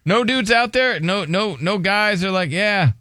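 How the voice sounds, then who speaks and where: A man's voice: high-pitched, animated, measured pace, pushed and bright, no room sound. Joking male radio host, dry studio sound. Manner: joking, teasing, prompts co-host with questions. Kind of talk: casual morning radio banter.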